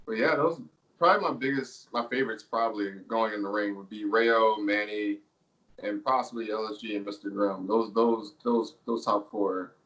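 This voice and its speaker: Male pro wrestler guest, relaxed and chatty, laughs a lot, a bit off-mic. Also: on the low side, normal speed, far from the mic, lo-fi sound. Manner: laid-back storytelling, laughs often, filler words. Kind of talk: casual interview chat.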